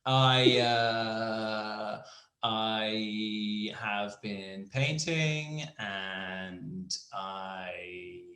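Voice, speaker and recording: Man, young adult, podcast co-host, casual chat, bright, echoey room. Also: fairly low pitch, fairly even intonation, very slow, creaky. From Ireland. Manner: joking, swears freely, slips into silly voices.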